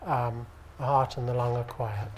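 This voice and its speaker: British man giving a relaxed talk. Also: medium pitch, normal speed. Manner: relaxed, conversational, asks the audience for agreement. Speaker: acupuncture teacher. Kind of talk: conference lecture. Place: conference room with audience. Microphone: handheld microphone.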